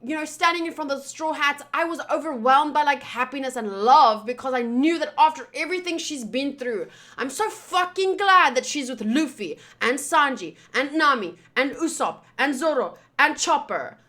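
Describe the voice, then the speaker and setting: A woman's voice: high-pitched, expressive, normal speed, hardly any pauses, sharp tone. A woman streamer talking casually and rambling, swearing freely as she chats to viewers. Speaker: anime reaction streamer. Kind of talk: casual livestream chat.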